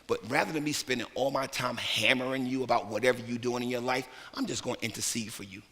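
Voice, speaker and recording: A male minister preaching a lively, conversational sermon, slipping into colloquial talk and playful put-on voices. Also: mid-range voice, quick pace. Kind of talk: lively sermon with acted asides. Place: church sanctuary. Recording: long hall reverb from church sanctuary.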